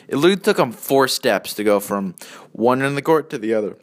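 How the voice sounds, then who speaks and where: A young man in his early twenties rambles through a solo vlog. His speech is profane and meandering, and he keeps cutting himself off mid-thought. His voice sits at an ordinary male pitch but moves up and down a lot. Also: animated, fast talker. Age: early 20s. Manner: profane, meandering, self-interrupting. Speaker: vlogger.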